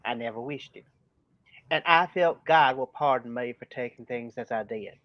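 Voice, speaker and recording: A man's voice: mid-range voice, moderate pace, dry recording, close to an everyday voice. A man reading as a condemned soldier giving a solemn final statement before his hanging. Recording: dull dry lo-fi sound.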